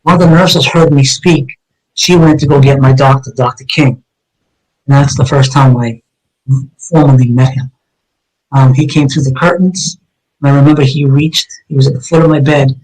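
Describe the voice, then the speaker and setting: A man's voice: mid-range voice, steady tone, normal speed, darkish tone, poor audio. A man, a retired police detective, earnestly recounting an emotional personal story in an interview, with frequent ums and uhs.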